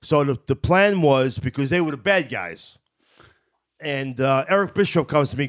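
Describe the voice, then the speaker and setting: A man's voice: medium pitch, lively intonation. A man in casual chat who tells a story in a plain way, stopping often to search for words. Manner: plain-spoken, halting, many fillers.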